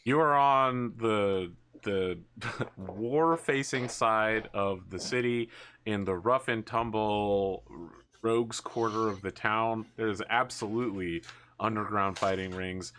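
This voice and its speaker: A man's voice: fairly low pitch, slow, fairly bright tone, slight background noise. A man narrating as game master in a laid-back, jokey way, with many fillers.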